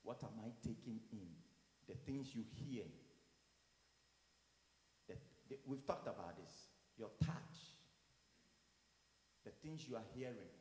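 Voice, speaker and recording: A man who is a pastor preaching a sermon, animated, going from quiet to loud and acting out what people say. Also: mid-range voice, slow pace, long pauses, reverberant, long reverb tail. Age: adult with children. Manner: animated, swings from quiet to loud, acts out quotes.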